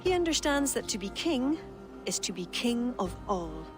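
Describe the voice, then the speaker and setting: A woman's voice: a little high, sing-song, moderate pace. An actress with an Irish accent voicing a proud, witty woman court poet who speaks in a teasing, lilting way, with game music behind.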